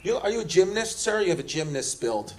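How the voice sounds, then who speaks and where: A man doing stand-up, brashly teasing audience members in rapid-fire crowd work. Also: high-pitched, big pitch swings, very noisy. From Queens, New York. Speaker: stand-up comedian. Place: comedy club stage. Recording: comedy club with loud laughing crowd.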